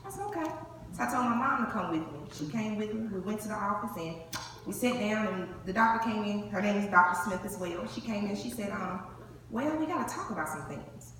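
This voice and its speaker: A woman's voice: mid-range voice, brisk. Woman telling her story in an echoey hall. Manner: animated, acts out the dialogue. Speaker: breast cancer survivor giving a testimony. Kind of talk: storytelling testimony to a live audience. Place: large hall before an audience. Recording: echoey hall, far from the mic, crowd noise.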